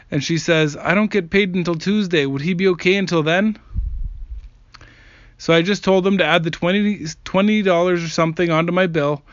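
A man's voice: fairly high pitch, no echo. A man earnestly reading aloud stories from comments and adding his own remarks, with small slips and restarts now and then. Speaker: narrator reading viewer comments. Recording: dry, slightly dull lo-fi recording.

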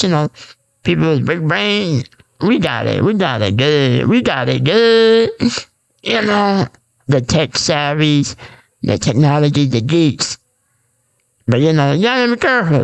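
Guy rambling on his own podcast, gravelly voice, lots of ums and repeats. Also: on the high side. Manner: rambling, repetitive, restarts and filler-heavy. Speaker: podcast host. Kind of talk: unscripted solo podcast chat.

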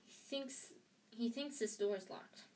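Woman doing Harry, a hushed tense schoolboy. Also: mid-range voice, unhurried, natural voice. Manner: hushed, urgent.

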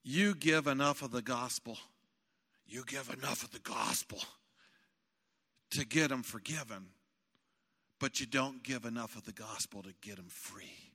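A man voicing a big, gruff-voiced pastor who chuckles and chides. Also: unhurried, pauses often, sharp tone, big-room sound. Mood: amused, chiding. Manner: low, chuckling, head-shaking.

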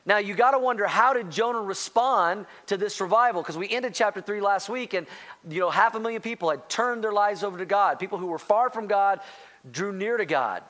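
A man preaching a sermon as pastor, animated, talking straight to the congregation and calling out to them. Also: sits high, fairly quick. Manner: animated, rising to near-shouting excitement; addresses congregation directly as church.

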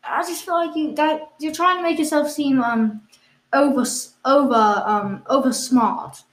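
Hesitant deadpan woman in an echoey room. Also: high-pitched, measured pace. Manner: hesitant, insisting on absurd claims with a straight face. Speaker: podcast co-host. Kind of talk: improvised comedy banter.

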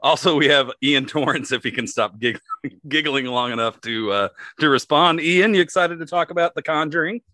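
A man's voice: fairly high pitch, normal speed, pushed and bright, no echo. A man hosting a podcast, upbeat and laughing often as he introduces his guests. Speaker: podcast host. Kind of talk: casual chat.

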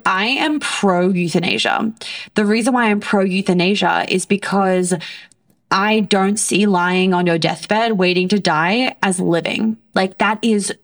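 A woman hosting a casual solo podcast, talking bluntly in a rambling way with heavy swearing. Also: mid-range voice. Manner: frequent fillers and restarts. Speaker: podcast host.

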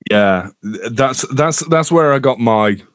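A man co-hosts a casual podcast, chiming in with short remarks. His voice sits at an ordinary pitch. The recording is dry, with no room sound. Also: expressive, slow, a bit bright, clean tone, no room sound. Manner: brief interjections and easy laughter. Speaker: podcast co-host.

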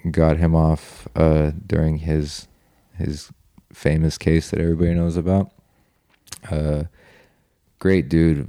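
A man's voice: very deep voice, warm tone, clean tone, no echo, studio quality. A young man casually telling a long story as an interview guest, laid-back and swearing freely. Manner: laid-back, swears freely, acts out other people's lines.

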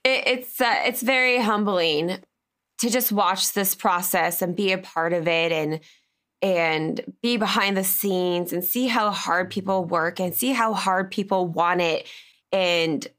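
A woman's voice: fairly low pitch, unhurried, a bit bright. A woman co-hosting a casual chat, effusive and laughing, fighting back tears as she thanks her community. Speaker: community founder and co-host.

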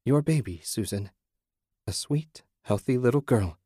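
A man's voice: medium pitch, animated, unhurried, warm tone, breathy edge, no room sound, clean studio sound. A man doing a pleasant, knowing disembodied voice. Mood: soothing, knowing. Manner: soothing, teasing, speaks in riddles.

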